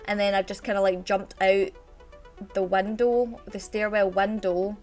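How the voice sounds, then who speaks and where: A Scottish woman chats away on a home stream, rambling through a story and breaking off to welcome viewers by name. Her voice sits at an ordinary pitch, and soft music plays quietly behind her. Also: little pitch movement, measured pace. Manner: chatty, rambling storyteller greeting chat viewers. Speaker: live streamer. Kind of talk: casual live-stream chat.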